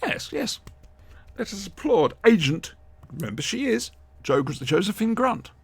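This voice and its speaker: Gravelly man, lively commentary. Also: sits high, unhurried, no echo. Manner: jokey, rambling, animated reactions. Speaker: podcast co-host. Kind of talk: casual watch-along commentary.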